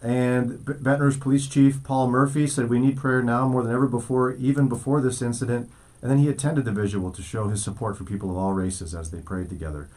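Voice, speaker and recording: A male morning radio host at an ordinary middle pitch reads the news aloud. He shifts into easygoing banter and jokes with his co-host. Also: level tone, fairly quick, darkish tone. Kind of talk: casual radio chat.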